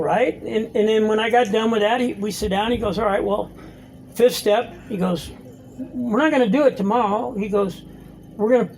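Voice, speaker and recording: A man's voice: high-pitched, creaky, darkish tone, slight background noise, rough recording. A middle-aged man telling his recovery story at a meeting, blunt and profane, acting out both sides of the conversations he recalls. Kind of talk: personal story talk. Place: meeting room.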